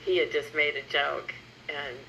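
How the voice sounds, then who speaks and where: A woman co-hosting a casual chat, laughing along and chiming in with quick agreement. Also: low voice, steady tone, vocal fry, sharp tone, poor audio. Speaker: podcast co-host.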